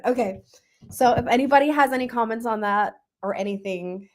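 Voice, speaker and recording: A young woman hosting a book club, talking casually and emotionally about a novel, with many fillers and pauses to think. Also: medium pitch, a little mellow. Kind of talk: casual book review livestream.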